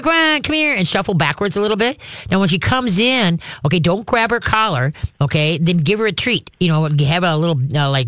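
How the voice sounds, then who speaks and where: A man giving casual dog-training advice to a caller, folksy and chatty, often checking in with "all right?" and sometimes slipping into a high coaxing dog-calling voice. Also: a bit bright, no echo, clean studio sound. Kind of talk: casual radio advice chat.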